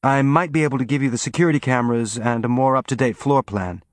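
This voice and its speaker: A man's voice: medium pitch, quick pace, no room sound, natural voice. Man voicing a practical woman engineer.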